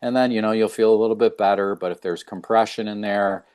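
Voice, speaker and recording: A middle-aged man with a very low, deep voice. He speaks casually as a chiropractor guest. He tells stories with animation and puts on the voices of the people he quotes. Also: a little fast, clean tone. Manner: animated storyteller, acts out quoted dialogue. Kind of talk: casual interview talk.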